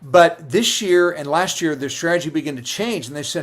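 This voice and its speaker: A man's voice: on the high side, moderate pace, few pauses, fairly bright tone. A middle-aged man who works as a Medicare insurance agent, answering viewer questions on a live stream in a conversational way, with many fillers and restarts.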